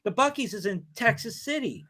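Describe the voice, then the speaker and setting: An American man telling stories in a relaxed, animated podcast chat, swearing now and then. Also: high voice, brisk, noisy background. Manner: animated storyteller, swears freely. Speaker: podcast guest. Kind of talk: casual chat.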